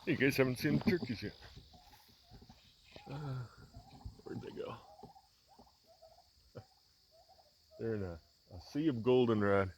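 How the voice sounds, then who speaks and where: Taking it slowly with frequent pauses, a man with a medium-pitched voice narrates his farm chores on a handheld camera while walking outdoors, with slight background noise. This farmer vlogger's casual talk is relaxed and rambling, full of fillers and restarts.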